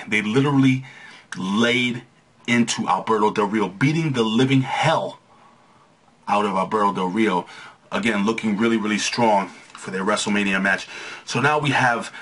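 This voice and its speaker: Husky-voiced man recapping wrestling. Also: fairly low pitch, moderate pace, fairly bright tone. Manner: rambling, lots of restarts and fillers. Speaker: wrestling show recap host. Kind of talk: casual recap commentary.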